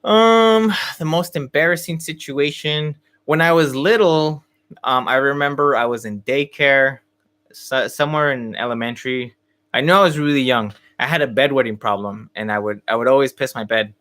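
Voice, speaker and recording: A man's voice: mid-range voice, normal speed, fairly bright tone. A young man hosting a podcast, telling a story in casual chat with many fillers and restarts. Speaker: podcast host.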